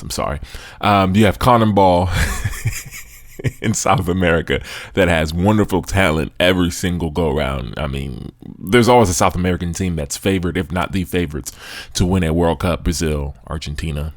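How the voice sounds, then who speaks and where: Man, sports podcast host, deep voice, casual opinionated commentary, dry close sound. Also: a little fast, no echo. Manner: chatty, opinionated, asides to listeners.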